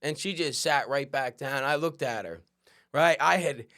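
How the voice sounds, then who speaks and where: A man hosting a podcast, telling a personal story in a conversational, animated way and often checking in with "right?". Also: mid-range voice, normal speed. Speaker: podcast host. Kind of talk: storytelling monologue.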